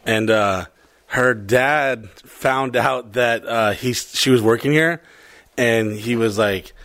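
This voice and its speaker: A man's voice: medium pitch, slow pace, fairly bright tone, no room sound. Man hosting a podcast, reading out member names. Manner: loose, profane, reads out listener names. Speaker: podcast host. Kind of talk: casual podcast chat.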